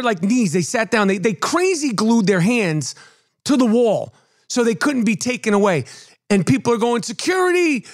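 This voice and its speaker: A man hosting his own podcast, delivering a profane, worked-up comedic rant. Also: high voice. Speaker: podcast host.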